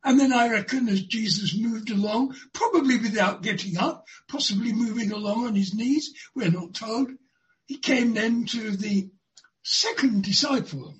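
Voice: medium pitch, moderate pace, rough recording. A preacher giving a sermon, stretching out key words for emphasis.

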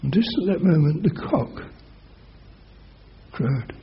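A man preaching a sermon, retelling a scripture story with dramatic emphasis and loud quoted oaths. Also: a little high, expressive, slow, gravelly. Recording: dull lo-fi recording.

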